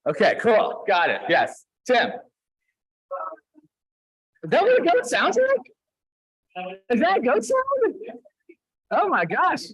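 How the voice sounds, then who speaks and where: A man leading a holiday service, coaxing the congregation into a playful story with quick, encouraging back-and-forth. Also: very high voice, wildly swooping pitch, fairly bright tone, breathy edge, low-quality recording. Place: dim room at a congregation gathering.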